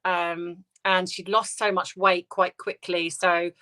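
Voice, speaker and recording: British woman, livestream host, bright voice, soft halting speech, many ums and restarts. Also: lowish voice, level tone. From United Kingdom. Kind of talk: casual livestream chat reading viewer comments.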